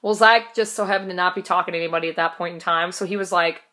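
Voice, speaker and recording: A woman's voice: lowish voice, steady tone, very fast, bright, forceful tone. A young woman casually telling a story in a vlog, chatty and laughing, swearing now and then. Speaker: vlogger.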